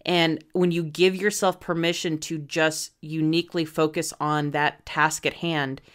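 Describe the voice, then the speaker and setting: A woman podcast host with a lowish, smooth and clear voice. She speaks reflectively in a coaching tone during a relaxed conversation. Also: unhurried. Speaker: podcast host, real estate team leader. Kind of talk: casual interview chat.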